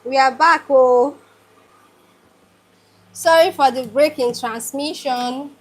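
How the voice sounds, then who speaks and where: A woman's voice: high voice, takes it slowly. A Nigerian woman hosting a live cooking stream from her home kitchen, talking to her viewers in an effusive way, with a generator running behind her. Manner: effusive, talks straight to viewers. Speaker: cooking show host.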